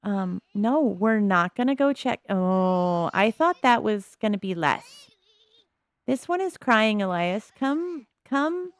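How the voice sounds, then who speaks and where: A woman's voice: mid-range voice, lively intonation, slow, no echo. Chatty woman musing over gameplay. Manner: chatty, musing aloud with soft laughs. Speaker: gameplay commentator. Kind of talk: casual game commentary.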